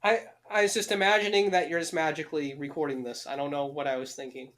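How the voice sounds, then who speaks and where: A man's voice: fairly high pitch, little pitch movement, fast, a bit bright. A young man co-hosting a podcast, joking sarcastically and swearing freely in casual banter. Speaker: podcast co-host.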